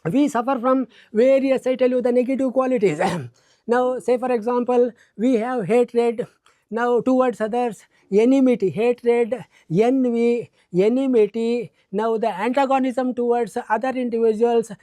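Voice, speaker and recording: A man giving a slow, deliberate educational lecture, listing qualities one by one and often adding "I tell you". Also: very high-pitched, warm tone, no room sound. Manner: repeats the filler "I tell you" and lists words one by one.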